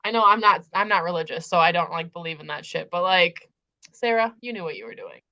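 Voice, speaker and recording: A woman's voice: fairly low pitch, a little fast, creaky, sharp tone, muffled recording. A young woman hosting a casual book chat livestream, gushing and emphatic as she talks through the story. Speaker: host.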